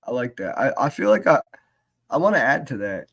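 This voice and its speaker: A man chatting casually as a podcast co-host, talking haltingly with lots of fillers and restarts. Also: mid-range voice, very animated, vocal fry, fairly bright tone, husky. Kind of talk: casual chat about writing rap lyrics.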